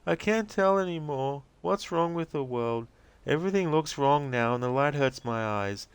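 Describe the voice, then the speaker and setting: A fragile, dazed young waitress, as a man reads her part aloud, sobbing through slow, broken sentences. Her voice sits high and trembles while she pleads. It comes across smooth and close, with no room sound. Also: no echo, close to an everyday voice. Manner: halting, tearful, slow and pleading. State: crying. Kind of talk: reading game transcripts aloud with voices.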